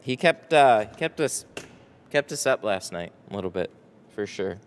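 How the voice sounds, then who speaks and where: A low-voiced man rambles through a casual live stream, reading out viewer comments. His voice is smooth and clear. He sounds tired and swears casually between thoughts. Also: expressive, unhurried. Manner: rambling, reads chat aloud, swears casually. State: tired, no coffee. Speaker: window tint shop owner streaming live.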